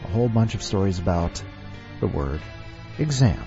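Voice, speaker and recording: Dark-voiced man hosting a story podcast. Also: sits low, expressive, normal speed, gravelly. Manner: rambling, joking. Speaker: podcast host. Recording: dull lo-fi recording with faint music.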